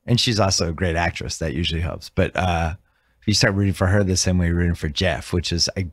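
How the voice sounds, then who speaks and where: Male interviewer, lowish voice, blunt, opinionated delivery, dry close sound. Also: fast, slightly rough, no echo. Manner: blunt, opinionated, talks film craft. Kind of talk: casual interview chat.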